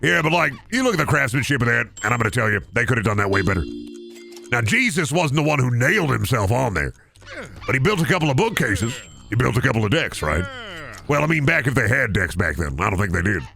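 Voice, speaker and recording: A man doing a bragging gravelly contractor. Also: big pitch swings, quick pace, pushed and bright, faint music behind, exaggerated voice. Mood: rambling. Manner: rambling swaggering sales pitch. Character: boastful everyman male deck-building contractor. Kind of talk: comedic improvised character bit.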